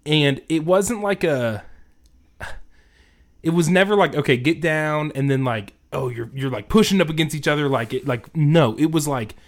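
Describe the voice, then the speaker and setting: A man's voice: a little high, animated, moderate pace. A young man in casual chat, telling stories in a laid-back way and laughing often.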